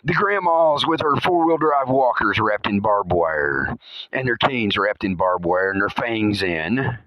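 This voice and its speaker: A man narrating a comic horror story, chuckling often as he tells it in a playful, animated way. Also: lowish voice, unhurried, dry recording, highs cut off. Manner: chuckles through his telling, animated and playful.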